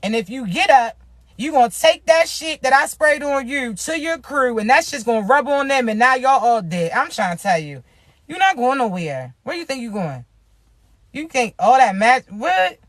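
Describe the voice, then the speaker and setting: Raspy woman, tarot reader; loud, profane, preachy hype to camera, dry close sound. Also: on the high side, animated, moderate pace, dry recording. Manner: profane, emphatic, hyped-up preaching. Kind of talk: casual spiritual reading to camera.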